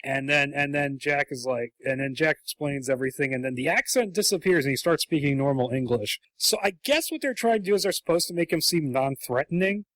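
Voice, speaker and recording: A man with a fairly high voice, co-hosting a casual podcast chat. He talks animatedly and slips into comic voices for quotes. The sound is dry and close. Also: animated, a little fast, few pauses, fairly bright tone, no room sound. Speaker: podcast co-host.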